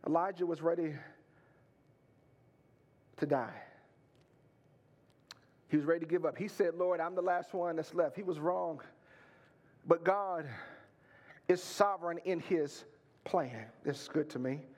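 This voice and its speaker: A male pastor, delivering a sermon from the pulpit. His voice sits high for a man. He pushes into fervent, rising passages, then sinks to a low, near-hushed intimacy. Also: measured pace, long pauses.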